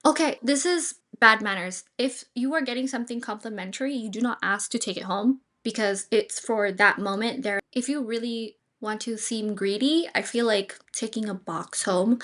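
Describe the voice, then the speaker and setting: A woman's voice: fairly high pitch, moderate pace, hardly any pauses, fairly bright tone. A young woman host reacting to dating clips with opinionated, advice-giving commentary. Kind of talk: casual commentary.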